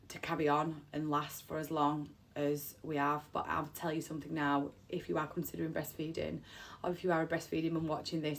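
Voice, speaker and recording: A woman, an emotional mother of three telling a personal story, close to tears and repeating herself. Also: sits low. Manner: heartfelt, rambling, repeats phrases. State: on the verge of tears.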